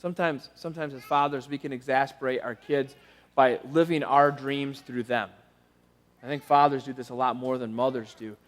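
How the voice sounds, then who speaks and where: A man preaching a sermon as pastor, telling a story with animation and then turning soft and pleading. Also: mid-range voice, fairly even intonation, normal speed. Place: church auditorium. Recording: long reverb of a church hall.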